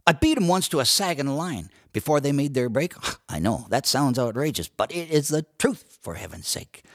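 A man reciting cowboy poetry and singing, with a lively drawl. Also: normal speed. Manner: lively drawl with broad swings of pitch. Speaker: cowboy poet and singer. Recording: dry studio recording with guitar.

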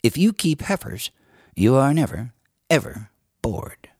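A man reciting a humorous cowboy poem with an expressive storytelling delivery. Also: mid-range voice, unhurried, slightly rough, no echo, clean studio sound. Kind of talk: dramatic poetry recitation.

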